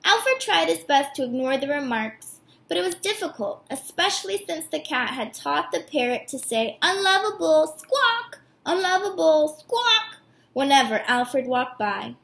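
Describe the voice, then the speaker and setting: A woman teacher reads a children's picture book aloud to her students in a warm, animated way. Her voice is high and swings widely. The recording has a noticeable room echo. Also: normal speed, vocal fry. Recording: echoey room.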